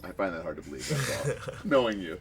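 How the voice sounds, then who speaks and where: A man, a guest, chatting casually and teasing with quick interjections. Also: sits low, sing-song, slight background noise. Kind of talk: casual chat.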